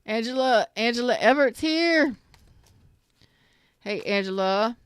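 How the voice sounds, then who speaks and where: Smooth-voiced woman chatting on a live stream. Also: on the high side, animated, measured pace, dry recording, studio quality. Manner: chatty, repeats herself, greets viewers by name; swears casually, slangy. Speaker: tarot reader streaming live. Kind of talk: casual live-stream chat and reading.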